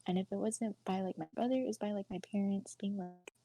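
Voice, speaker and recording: A woman's voice: medium pitch, fairly quick, few pauses, warm tone, a little hiss or hum, low-quality recording. A young woman co-hosting a podcast, telling a personal story in a chatty, filler-heavy way and often sinking to a near-whisper. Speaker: podcast co-host.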